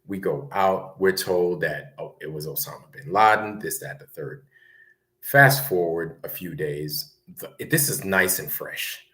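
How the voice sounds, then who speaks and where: A man, telling a long story in a rambling, conversational way and often tagging his sentences with a quick question. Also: low voice, a bit bright. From Brooklyn, New York. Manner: rambling, conversational, keeps asking "right?". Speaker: guest recounting military service. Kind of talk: casual storytelling.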